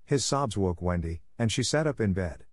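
A man narrating a classic children's story in a measured, even reading. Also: on the low side, no echo, clean studio sound.

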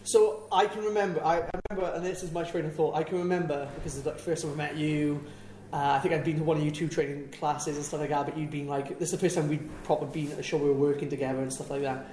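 Brief: man, chatty and quick to laugh, fairly high voice, echoey room. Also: fairly even intonation, darkish tone. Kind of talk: casual chat.

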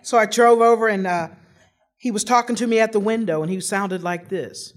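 A woman's voice: mid-range voice, brisk. A woman telling a humorous personal story, rambling with lots of fillers and restarts, poking fun at herself. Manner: rambling, many fillers and restarts, self-mocking. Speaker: storyteller giving a personal testimony.

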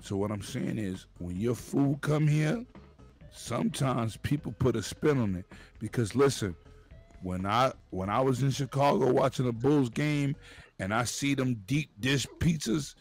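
A man from Brooklyn with a New York accent in casual, profane group banter, loudly arguing a point and cutting in to hold the floor. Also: mid-range voice, a little slow, faint music behind.

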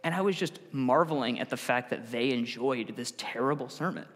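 A man's voice: mid-range voice, brisk, a bit bright. Male pastor, casual sermon, mid-range voice, big echoing sanctuary, chatty asides. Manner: conversational with self-corrections and acted-out quotes. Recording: long hall reverb.

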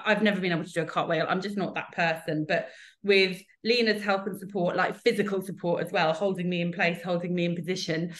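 A woman's voice: medium pitch, pushed and bright. A woman in her thirties from the UK, chatting candidly as a podcast guest, self-deprecating and laughing often. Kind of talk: casual chat.

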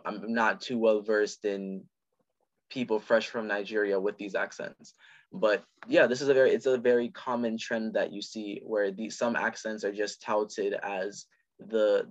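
A man with a Jamaican accent speaks in a low, monotone voice, laying out his points in a measured, explanatory way. His audio sounds dull and lo-fi, as if from a modest mic. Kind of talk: casual discussion. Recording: dull lo-fi recording.

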